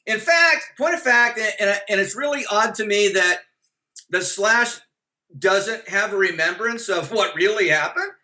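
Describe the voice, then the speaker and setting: A middle-aged man with a bright, high voice tells stories as an interview guest. He talks bluntly and swears freely, acting out what others said, and often starts his sentences over. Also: expressive, unhurried, poor audio. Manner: blunt and profane, with frequent restarts and acted-out dialogue. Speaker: interview guest, former band manager. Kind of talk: anecdotal storytelling in an interview.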